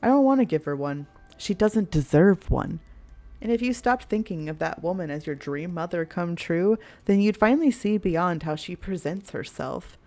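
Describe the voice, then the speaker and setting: A woman's voice: lowish voice, expressive, moderate pace, a little mellow, soft background music. Cold distrustful young man from a dating game, read by a woman, curt and mocking. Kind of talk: voiced reading of a visual novel.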